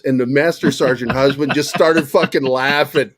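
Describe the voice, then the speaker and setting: A man's voice: medium pitch, steady tone, normal speed, few pauses, fairly bright tone, no echo, studio quality. A man from Virginia with a Southern accent, a former soldier telling blunt, profane stories on a podcast panel. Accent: American Southern. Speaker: podcast panelist, army veteran. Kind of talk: casual storytelling.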